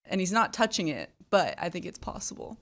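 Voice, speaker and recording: A woman's voice: lowish voice, sing-song, fairly quick. A woman in a casual chat, speaking tentatively with hesitations. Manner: hesitant, tentative, soft laughter.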